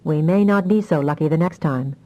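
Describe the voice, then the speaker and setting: A calm, fond husband from a science-fantasy audiobook, gently teasing and steady. A woman narrator plays him in a low, mellow voice. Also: brisk, dull audio, lightly acted. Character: calm, affectionate husband, adult man.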